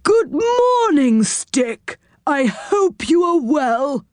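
A woman's voice: high voice, big pitch swings, extremely slow, a little mellow, no echo, studio quality, pitched above the performer's own voice, heavily acted. A woman voicing a deaf old man covered in saucepans, who mishears everything. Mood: cheerful.

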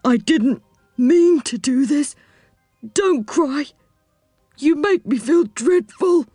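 A woman's voice: high-pitched, animated, slow pace, mellow, dry recording, clean studio sound, soft background music, voice pushed up. A woman doing the meek, sorry Saucepan Man. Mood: apologetic. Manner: small, apologetic voice. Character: clumsy remorseful Saucepan Man, male.

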